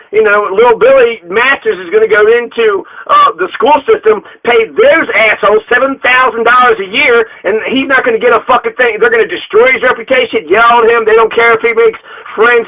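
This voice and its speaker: A man from Colorado, a local political candidate, delivering an angry, profane political rant full of swearing. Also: very high-pitched. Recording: dull lo-fi recording.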